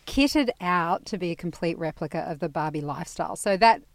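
A woman hosting a podcast panel in a lively, chatty way. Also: lowish voice, a little fast. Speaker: presenter.

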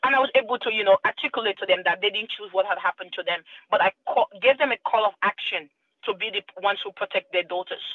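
A woman's voice: mid-range voice, fast talker, dry recording, phone-quality sound. A woman from Sierra Leone giving earnest personal testimony as a guest in an interview, building her points in rhythmic lists. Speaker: human rights activist guest.

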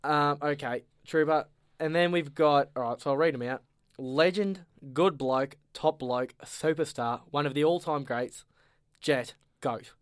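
A man's voice: a little high, unhurried, clear, resonant tone, dry recording, studio quality. A young adult man with an Australian accent, co-hosting a podcast in casual rambling banter. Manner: laid-back, rambling and joking. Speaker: podcast co-host.

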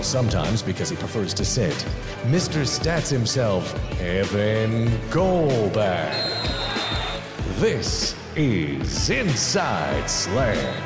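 A man doing an arena-style player introduction with a drawn-out booming announcer delivery. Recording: echoey hall with loud music. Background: loud music and basketball bounces.

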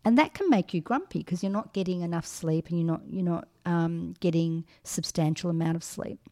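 A woman's voice: lowish voice, normal speed, dark tone. A middle-aged woman co-hosting a podcast, giving frank advice in a casual chat with many ums and restarts. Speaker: podcast co-host.

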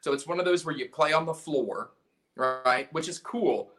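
A man's voice: a little high, expressive, normal speed, a bit bright, faint music behind. A man from South Carolina, a punk band's singer and guitarist, telling a story as a podcast guest in a rambling, profane way with lots of restarts. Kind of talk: casual storytelling chat.

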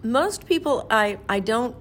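A woman's voice: fairly high pitch, animated, a little slow, a bit bright, slight background noise. An older American woman, a voice actor and singer, telling stories as a guest in an interview and laughing easily. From southern United States. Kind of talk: interview chat.

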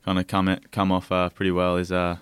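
Hesitant young Australian man, smooth voice. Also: low-pitched, completely flat delivery, dry recording, clean studio sound. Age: young adult. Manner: hesitant, full of pauses and fillers. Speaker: footballer guest. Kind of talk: casual podcast interview.

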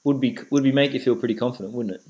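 On a low-quality recording, an Australian sports podcast co-host speaks at a racing pace in a medium-pitched, slightly mellow voice. He jokes and laughs casually, frequently repeating his words.

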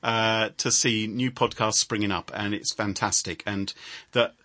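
A man's voice: lowish voice, fairly even intonation, a little slow, sharp tone. A man from the United Kingdom, a podcast guest, chatting in a friendly and jokey way. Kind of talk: friendly remote interview chat.

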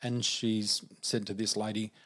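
A man telling a personal story in a podcast interview, animated and dramatic as a storyteller. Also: lowish voice, measured pace. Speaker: psychic guest.

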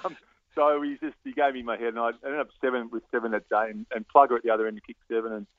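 An Australian man in his fifties tells his football stories over the phone at a quick clip, often stopping to restart a sentence. The line is thin and tinny, and the sound is dry with no room around it. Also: mid-range voice, no echo. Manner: animated storyteller with many restarts and laughs. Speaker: guest, former footballer. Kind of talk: radio interview, storytelling.

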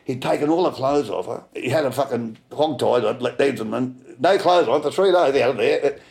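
A man's voice: mid-range voice, normal speed, vocal fry, darkish tone. An older Australian man telling a story in a coarse, rambling way, swearing constantly and repeating himself. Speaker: interviewee.

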